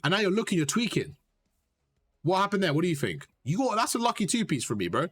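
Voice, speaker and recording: A man coaching a player through gameplay footage, direct and animated, repeating his points and calling him bro. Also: sits high, quick pace, slightly rough. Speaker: gaming coach.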